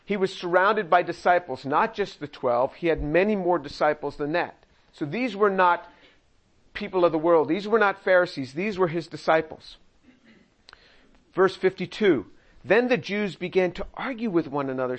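A man preaching a sermon, reading scripture aloud and acting out the quoted lines with humor. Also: sits high. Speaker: pastor.

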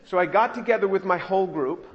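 High-voiced man teaching scripture in a reverberant hall. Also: fast talker, highs cut off. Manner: explanatory, repeats phrases for emphasis, wry asides. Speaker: Bible teacher. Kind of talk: verse-by-verse Bible teaching.

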